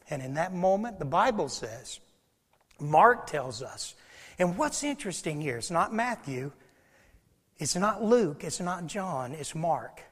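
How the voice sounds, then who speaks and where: High-voiced preacher in a reverberant hall. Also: male voice, measured pace, slightly rough. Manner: animated storytelling, swings from loud to hushed. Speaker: pastor. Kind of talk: sermon.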